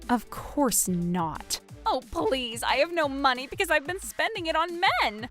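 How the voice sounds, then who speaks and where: Woman doing all the voices in a drama story, high and swoopy, music under it. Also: sing-song, a little slow, fairly bright tone. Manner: dramatic, shifts between characters. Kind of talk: acted story narration with many voices.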